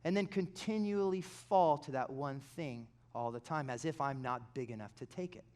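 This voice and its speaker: A pastor preaching a sermon, telling stories animatedly and dropping into quiet, intense passages. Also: male voice, fairly high pitch, normal speed.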